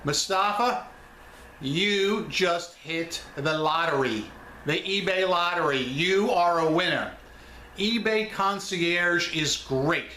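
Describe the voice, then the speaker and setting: A man's voice: high voice, takes it slowly, sharp tone, roomy sound, a little hiss or hum. A man with a New York accent, talking straight to his viewers about selling online in a blunt, emphatic way. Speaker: online seller vlogger. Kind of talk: casual chat.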